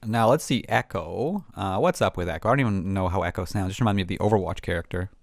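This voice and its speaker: Male tutorial host with a lowish voice, chatty and unscripted, full of fillers, dry close sound. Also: fast, vocal fry, no echo. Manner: rambling, many ums and restarts. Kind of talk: casual screen-recorded tutorial.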